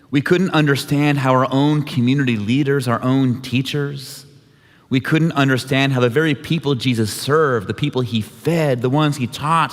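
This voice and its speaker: A man tells a scripture story to a church congregation, lightly voicing each character as he goes. His voice sits at a middle pitch. The sound rings with the long reverb of a large sanctuary. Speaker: worship leader. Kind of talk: dramatic scripture retelling.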